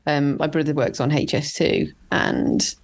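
A low-pitched woman talks as a podcast guest. She is candid and emphatic, and she often agrees with quick repeated yeses. The delivery is casual and conversational. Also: wildly swooping pitch, creaky. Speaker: guest, construction engineer.

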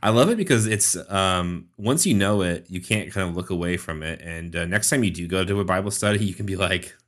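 A man's voice: deep voice, a little fast, a bit bright. A man co-hosting a podcast as a scholar of religion, wry and musing in casual chat with many fillers.

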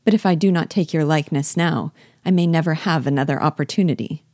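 A woman reading a witty young woman at a ball, quick, teasing and pointed. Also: deep voice, a little mellow, no room sound, studio quality.

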